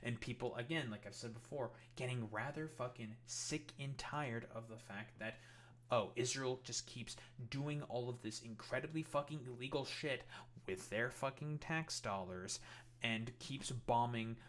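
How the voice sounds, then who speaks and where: A man hosting his own stream, talking in a heated, profane rant. His pitch sits in an ordinary middle range. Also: a little slow, fairly bright tone, slight background noise. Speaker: streamer host. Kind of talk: casual political commentary stream.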